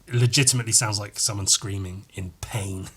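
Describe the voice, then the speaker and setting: A man's voice: lowish voice, fairly even intonation, brisk, very noisy. A man hosting a solo comedy podcast, telling a rambling story that keeps correcting itself, with crude asides. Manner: meandering, self-correcting, crude jokes. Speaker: podcast host.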